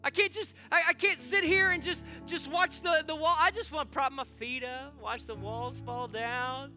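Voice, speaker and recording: A man's voice: very high voice, fairly even intonation, moderate pace, bright, forceful tone, soft background music, exaggerated voice. A man voicing an impatient, whiny believer who is complaining to God in a comic, pleading way.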